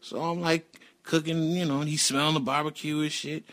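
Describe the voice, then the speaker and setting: A man's voice: a little high, little pitch movement, a little fast, a bit bright. A middle-aged man telling a personal story in a casual, profane and emphatic way.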